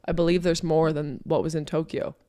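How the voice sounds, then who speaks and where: A woman from Canada co-hosting a podcast in casual chat, playful and quick to laugh. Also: deep voice, level tone, warm tone, clean tone, no room sound, clean studio sound. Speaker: podcast co-host.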